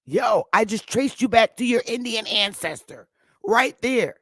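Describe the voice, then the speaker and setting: A woman hosting her own livestream, ranting in casual talk, profane and combative, with loud outbursts. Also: on the high side, expressive, measured pace, no echo, clean studio sound. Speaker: livestream host. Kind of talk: heated casual livestream rant.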